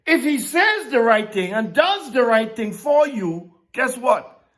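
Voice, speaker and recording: A woman preaching a sermon, teaching from scripture in a slow, emphatic way. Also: on the high side, very animated. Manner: emphatic, rising and dropping sharply, slow deliberate preaching.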